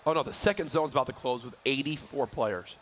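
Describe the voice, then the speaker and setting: A man doing lively play-by-play commentary for an esports tournament, playful and quick to joke. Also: medium pitch, a little hiss or hum. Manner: energetic, playful, counts and jokes on air. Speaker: esports caster.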